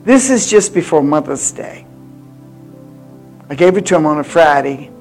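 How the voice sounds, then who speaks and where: A woman in her eighties preaching a sermon with personal stories, swinging from loud exhortation to hushed confiding. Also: low-pitched, animated, moderate pace, faint music behind. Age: 80s.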